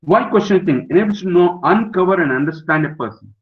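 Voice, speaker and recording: A man's voice: high voice, animated, a little fast. An older man, a professor giving a webinar lecture to students, emphatic, repeating key words and putting questions to his audience. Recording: dull lo-fi webinar audio.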